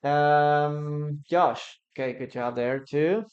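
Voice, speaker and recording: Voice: mid-range voice, slow pace, dull audio. An English teacher, a native Spanish speaker, giving a live-streamed lesson, repeating example sentences and reading out viewer comments.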